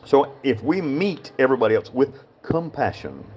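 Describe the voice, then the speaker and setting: A man's voice: medium pitch, expressive, moderate pace, darkish tone, dull audio, slight background noise. A man with a Southern Appalachian mountain accent from Western North Carolina, a prison chaplain and inmate talking in a rambling, frank monologue that repeats itself and drifts off topic. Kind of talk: casual spoken monologue.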